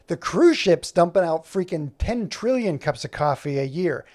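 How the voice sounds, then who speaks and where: A man's voice: a little high, lively intonation, normal speed, a little mellow. A man ranting in casual chat while he works on animation, heated and rambling, swearing freely as he talks. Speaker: animator and streamer.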